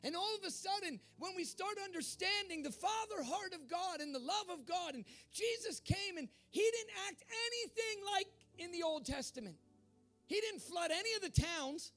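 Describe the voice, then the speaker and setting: A man preaching a sermon in a fervent way, at times rising to shouts. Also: very high voice, expressive, normal speed, faint music behind. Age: adult.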